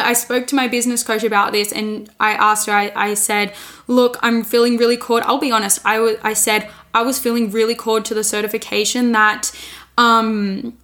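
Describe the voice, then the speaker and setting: Young female podcaster in her twenties, candid and earnest, slightly high voice, casual solo talk. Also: a bit bright. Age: 20s. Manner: earnest, candid, restarts often and says "like" a lot. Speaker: podcast host and women's coach.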